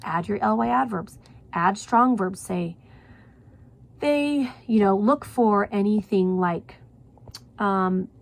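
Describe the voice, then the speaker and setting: Slow, gravelly-voiced woman teaching writing. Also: medium pitch. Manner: chatty, self-correcting, drops to a whisper for examples. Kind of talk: classroom writing lesson.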